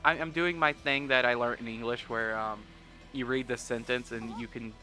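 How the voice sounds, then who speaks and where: A man's voice: medium pitch, steady tone, moderate pace, over music. A young man commentating on a video game he is playing, rambling and joking, now and then slipping into mock voices. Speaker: gaming commentator. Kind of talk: let's play commentary.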